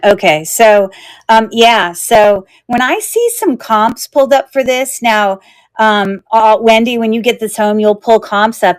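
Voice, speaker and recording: A young woman runs a live jewelry auction in a casual, rambling chat, full of fillers and quick self-corrections. Her voice sits at a middling pitch and sounds dry and close, with no room echo.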